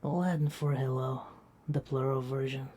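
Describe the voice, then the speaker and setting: A woman voicing a sleepy, doting young female companion who speaks softly and affectionately in an animation. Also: a bass voice, steady tone, moderate pace. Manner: soft-spoken, drowsy and affectionate.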